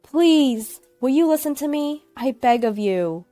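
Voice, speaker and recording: An arrogant ex-husband turned desperate, voiced with a lively swing of pitch and a dry, close sound by a woman narrator. He begs loudly, his voice climbing high. It is a storytelling reading over faint music. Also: a little slow, no room sound. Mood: pleading.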